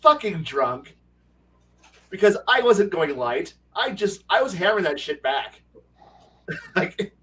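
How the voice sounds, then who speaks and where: A man's voice: sits high, big pitch swings, takes it slowly, pauses often, pushed and bright, recorded from a distance. A man chatting casually as a game master, rambling through a story, acting out quotes, laughing and swearing freely. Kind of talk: casual chat on a livestream.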